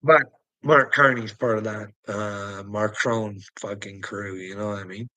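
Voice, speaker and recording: A man's voice: on the low side, fairly even intonation, measured pace, pushed and bright, dry recording, poor audio. A man ranting in a rambling video monologue, agitated and swearing heavily, close to the mic. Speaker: religious video commentator.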